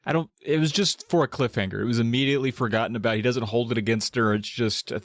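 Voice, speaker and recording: A man co-hosting a casual podcast, chatty and quick to laugh. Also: medium pitch, no room sound, clean studio sound. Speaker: podcast co-host. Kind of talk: casual chat.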